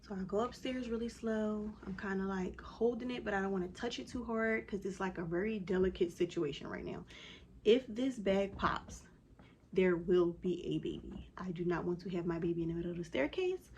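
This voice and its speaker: A woman vlogger telling a personal story in a casual, animated way, with many "like" fillers. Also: medium pitch, normal speed, a little hiss or hum.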